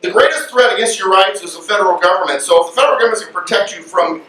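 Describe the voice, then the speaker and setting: A man speaking to an audience at a luncheon, animated and joking as he lectures. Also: high-pitched, rapid-fire. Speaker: guest speaker. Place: luncheon event room. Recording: echoey room from far off, faint noise.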